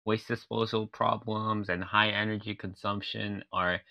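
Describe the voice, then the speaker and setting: A man's voice: on the low side, level tone, vocal fry, lo-fi sound. A man reading an article aloud on a casual podcast, stumbling over words now and then. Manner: reads haltingly, stumbling over words with fillers.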